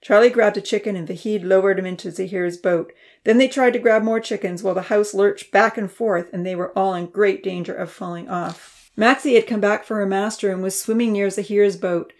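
A woman narrating a children's storybook, voicing the characters with a higher pitch and dropping to a whisper for quiet thoughts. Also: steady tone, fairly quick, hardly any pauses. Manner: reads characters' lines with raised pitch and soft whispers.

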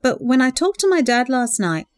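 A woman voicing a hopeful, earnest young woman in love, speaking softly and a little higher than her narration. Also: sing-song, moderate pace, dry recording, studio quality. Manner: earnest, emotional, sighing.

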